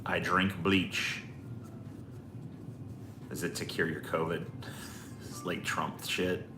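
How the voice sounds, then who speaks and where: A man's voice: deep voice, little pitch movement, takes it slowly, background noise. A man hosting a livestream in casual, profane, rambling chat. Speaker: livestream host. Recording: echoey room with faint music.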